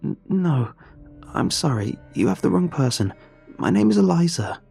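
A frightened young woman, voiced by a male narrator, her voice pitched far above his own and strained with panic. She sounds breathless and high in an audiobook reading, with faint music underneath. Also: sing-song, normal speed, creaky, mellow, husky, heavily acted. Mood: flustered. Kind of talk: audiobook character voice.

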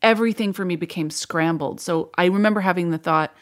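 A woman's voice: fairly low pitch, fast talker. A woman, an interview guest, recounting a personal experience in a candid, reflective and wry way.

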